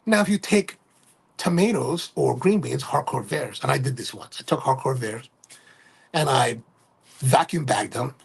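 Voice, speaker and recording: A middle-aged man chats casually on his livestream, wandering through his thoughts and correcting himself mid-sentence. His voice is gravelly with a husky, rough edge. He keeps tossing in "right?" to check in with his listeners. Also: medium pitch, moderate pace. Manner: rambling, self-correcting, keeps asking "right?". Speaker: livestream host and coffee retailer.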